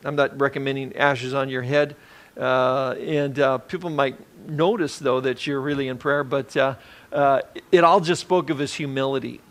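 A man preaching a conversational sermon as a pastor, relaxed and rambling, with many fillers and restarts. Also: medium pitch, moderate pace.

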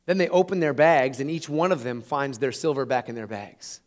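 Animated pastor retelling a story. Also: male voice, mid-range voice, moderate pace, few pauses. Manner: animated, chuckling, conversational. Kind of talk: sermon storytelling.

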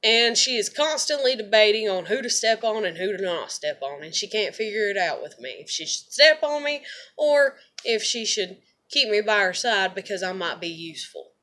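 A woman's voice: mid-range voice, expressive, normal speed, bright, forceful tone. A woman vents in a blunt, profane, rambling monologue, often repeating words as she talks to her viewers. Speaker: vlogger. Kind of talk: casual venting monologue to camera.

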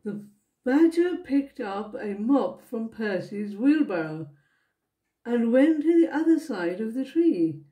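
A woman reading a children's picture book aloud to her grandchildren, slowly and gently, giving the characters voices. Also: fairly high pitch, sing-song, highs cut off. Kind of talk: storybook read-aloud.

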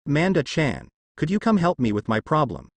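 A man's voice: on the high side, wildly swooping pitch, normal speed, vocal fry, no echo, exaggerated voice. A man voicing a cold, domineering young male ninja who growls and speaks darkly, in a fanfic audio story. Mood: cold menace.

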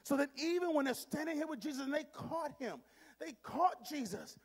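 A man with a high, ringing voice preaches a dynamic sermon, surging to shouts and then dropping to hushed near-whispers as he works the congregation. Long reverb rolls through the church sanctuary around him. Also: lively intonation, moderate pace. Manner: talks directly to the congregation in call-and-response. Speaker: pastor.

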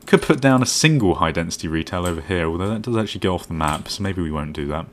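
Low-pitched and expressive, this man talks fast through a casual let's-play, with a little hiss or hum on the audio. He voices his thoughts as he goes and mocks himself, with faint background music.

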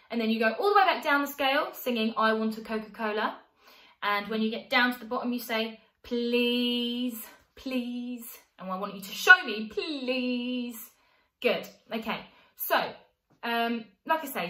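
A young woman teaching a playful vocal warm-up, coaxing children along and singing the phrases herself. Her voice sits high and sounds bright and sharp. The sound carries the echo of an echoey room. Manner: playful, encouraging, sings along to demonstrate. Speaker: vocal coach.

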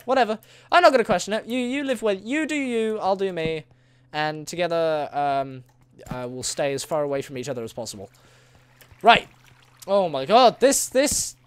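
Lively, playful man narrating his gameplay. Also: fairly high pitch. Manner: playful, rambling, talks to game creatures, bursts of excitement. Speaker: gaming video host. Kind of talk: casual solo gameplay commentary.

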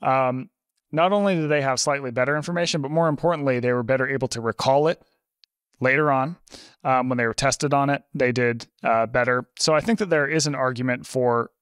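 A man in a conversational podcast interview, a lively storyteller who talks with plenty of fillers. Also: medium pitch, brisk, smooth, dry recording, clean studio sound. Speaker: podcast guest, author.

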